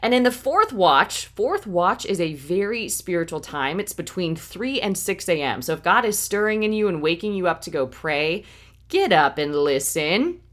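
A woman preaching a sermon, reading scripture aloud with dramatic, expressive delivery. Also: lowish voice, normal speed.

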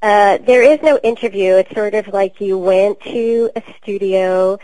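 A woman voice actor from Queens with a New York accent, telling stories in a chatty, relaxed interview. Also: medium pitch, unhurried, no echo, rough recording. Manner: chatty, storytelling, relaxed with many fillers. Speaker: voice actor guest. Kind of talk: casual interview talk.

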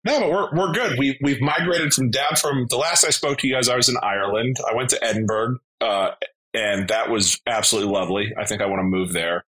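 A man co-hosting a casual podcast chat over a remote call, an animated, blunt storyteller who swears freely. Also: mid-range voice, a little fast, poor audio. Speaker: podcast co-host.

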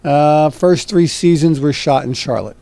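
A man's voice: fairly high pitch, a little slow, gravelly, no room sound. A middle-aged man, an actor, telling a long anecdote in a casual interview and acting out the people he quotes. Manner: animated anecdote teller, acts out quoted voices. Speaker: actor guest.

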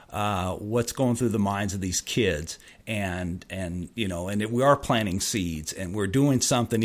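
A man in his fifties who has long taught Sunday school chats casually on a church podcast. His voice is on the low side, and he speaks haltingly and rambles, restarting often.

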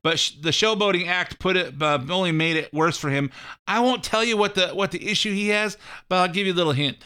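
A man's voice: sits high, fairly quick, bright, forceful tone, clean tone. A man hosting a show of casual political commentary, rambling and folksy with a mocking edge. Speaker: host.

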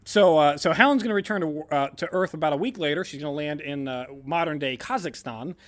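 A man's voice: fairly high pitch, fast. Laid-back man telling a story. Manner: laid-back, jokey, acts out quotes in silly voices. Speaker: podcast host. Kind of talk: casual chat, storytelling history.

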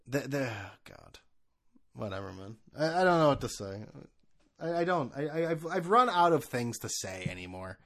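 A man's voice: medium pitch, big pitch swings, moderate pace, a bit bright. A man hosting a podcast, ranting sarcastically with profanity, stammering restarts and laughs at his own jokes. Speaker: podcast host. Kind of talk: casual ranting monologue.

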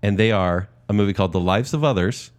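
A man co-hosting a casual movie podcast, chatty and joking in quick asides. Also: on the low side. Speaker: podcast co-host. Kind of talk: casual chat about movies.

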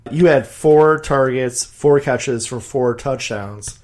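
A man co-hosting a podcast, his voice of ordinary middle pitch. He asks his questions haltingly, with frequent "uh" pauses, in a relaxed, conversational way. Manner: hesitant questions with "uh" fillers. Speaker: podcast co-host. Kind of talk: casual interview questions.

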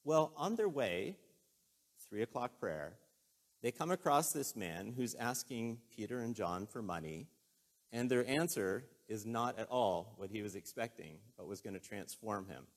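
A man preaching a sermon in a relaxed, conversational way, telling a story earnestly and with emotion. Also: on the low side, measured pace.

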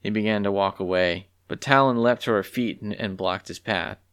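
A man narrating a storybook with an animated, expressive reading. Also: on the low side, moderate pace, clean tone. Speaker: story reader.

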